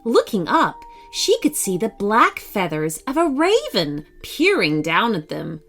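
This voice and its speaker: A woman reading a bedtime story for children in an expressive, sing-song way, with soft music behind. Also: medium pitch, a little slow.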